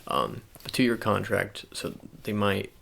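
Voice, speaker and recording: A young man speaking in a soft ASMR style, chatting casually and rambling with many fillers and restarts. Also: fairly low pitch, slow, gravelly, slight background noise. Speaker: ASMR channel host. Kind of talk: soft-spoken ASMR sports talk.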